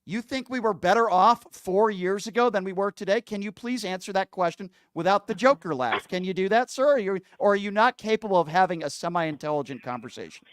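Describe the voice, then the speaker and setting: A man's voice: high voice, lively intonation, brisk, hardly any pauses, clean tone, dry recording. A man hosts a call-in radio show from a studio. His voice is resonant and clean, recorded close and dry. He sounds combative and sarcastic when a caller tries to prank him.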